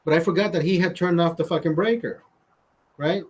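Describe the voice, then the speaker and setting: A man's voice: fairly high pitch, fairly quick, a little mellow, breathy edge. A man hosting a live stream, telling a long story in casual, profane chat, repeating himself and breaking off mid-sentence. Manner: profane, rambling, self-interrupting. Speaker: livestream host.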